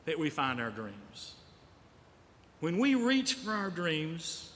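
Male pastor, storytelling sermon, a little high-voiced, in a church hall with long reverb. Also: wildly swooping pitch, slow pace, long pauses, fairly bright tone, slight background noise. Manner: storytelling preacher, repeats lines for emphasis. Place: church sanctuary.

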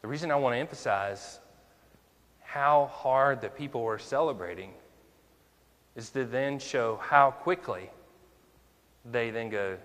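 A man's voice: medium pitch, a little slow, pauses often, fairly bright tone, long reverb tail. A male minister preaching a conversational sermon, full of rhetorical questions to the congregation.

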